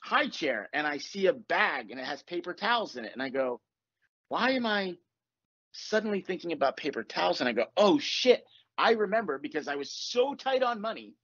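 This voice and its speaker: A man hosting a podcast, telling a story in casual chat, animated and swearing as he acts out what people said. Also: fairly high pitch, moderate pace, breathy edge, highs cut off. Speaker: podcast host.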